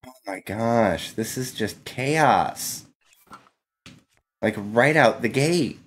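A man's voice: mid-range voice, lively intonation, extremely slow, slight background noise. A man streaming a video game live, playful and exclaiming, laughing often and thanking his chat. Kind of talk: live gameplay commentary.

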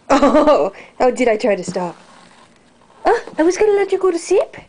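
A young woman filming her cat on the stairs at home, talking to it in sing-song baby talk and sometimes dropping to a soft whisper. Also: on the high side, very animated, normal speed. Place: house stairway, indoors. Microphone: handheld camera mic.

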